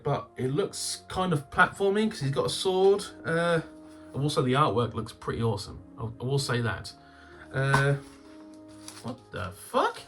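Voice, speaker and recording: Lively man swearing casually. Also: a little high. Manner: swears freely, bursts into loud laughter. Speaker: game collector channel host. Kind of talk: casual unboxing chat.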